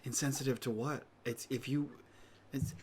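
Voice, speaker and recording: A man's voice: medium pitch, steady tone, moderate pace, crowd noise. A man playing a tabletop role-playing game, talking in character and sounding exasperated and confused. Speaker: player.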